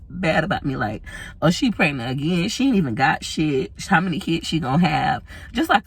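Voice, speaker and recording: A woman in her thirties vlogging, candidly telling a personal story to camera, tearful, with long pauses. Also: sits low, creaky, husky. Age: 30s.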